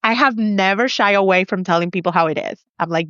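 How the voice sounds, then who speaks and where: A woman author being interviewed in a casual chat, talking in an animated, confident way and laughing often. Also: medium pitch, a little fast, smooth, dry recording. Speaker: author guest. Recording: dull lo-fi dry sound.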